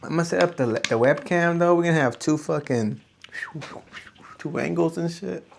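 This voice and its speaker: A man's voice: fairly high pitch, normal speed, gravelly, slight background noise. A young man hosting a solo podcast, talking to camera in a rambling, profane, self-reflective way. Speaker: podcast host. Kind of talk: casual solo talk to camera. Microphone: camera on a small tripod.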